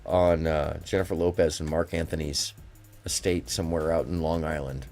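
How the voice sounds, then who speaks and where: With a very deep voice and a flat delivery, a man runs a live call-in stream at a moderate pace, faint music playing behind his darkish tone. He rambles emphatically through stories in casual call-in chat, his pace drifting as he goes.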